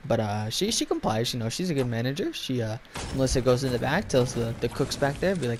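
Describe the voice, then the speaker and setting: A man's voice: mid-range voice, very animated, fast, a little hiss or hum. A young man telling a profane, rambling story while gaming, full of filler words. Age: young adult. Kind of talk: casual rant while gaming.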